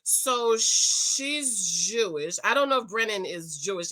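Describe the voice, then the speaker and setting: A woman hosting a casual reality show recap, gossipy and animated, slipping into quick impressions of the cast. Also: medium pitch.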